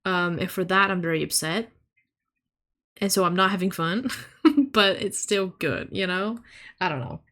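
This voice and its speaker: A woman's voice: fairly low pitch, animated, unhurried, long pauses, a bit bright. A young woman chatting casually on a stream, swearing freely and breaking off to talk to her kitten. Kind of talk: casual chat.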